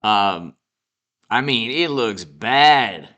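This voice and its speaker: A man's voice: medium pitch, lively intonation, drawn-out words, sharp tone. A man giving off-the-cuff political commentary, mocking and sarcastic, rambling with restarts. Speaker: political commentator and show host.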